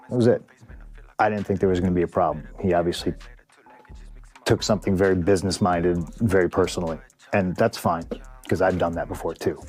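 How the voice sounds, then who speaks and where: A man's voice: sits low, steady tone, fairly quick, pauses often, a little mellow, soft background music. A man, a pro wrestler, bluntly telling a backstage story in an interview, swearing freely and acting out the voices of the people involved. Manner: blunt, profane, acts out quoted dialogue.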